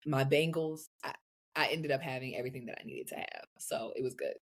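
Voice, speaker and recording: A young woman co-hosting a podcast, chatting casually in a blunt, profane, animated way. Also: extremely low pitch, brisk. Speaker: podcast co-host. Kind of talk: casual chat.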